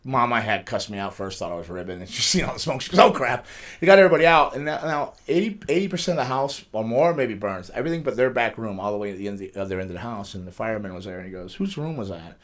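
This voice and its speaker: A man's voice: lowish voice, lively intonation, rapid-fire, few pauses, a bit bright. A middle-aged man, a wrestler, telling rambling life stories in a studio interview and laughing through them. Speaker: wrestler guest. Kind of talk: casual storytelling interview.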